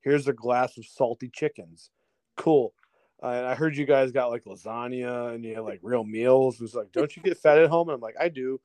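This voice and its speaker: A man telling a story in a casual chat as a podcast guest, lively, acting out other people's lines and laughing often. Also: medium pitch, normal speed, no echo. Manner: animated storyteller, acts out voices, laughs often, swears.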